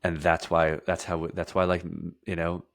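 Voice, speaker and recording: A man with a fairly low voice talks as an interview guest. He explains with emphasis, stacking words into lists and repeating his key phrases. At weighty points he turns quieter and slower. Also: flat delivery. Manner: drops to a quieter, slower, lower delivery for heavy points. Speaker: podcast guest, somatic therapist.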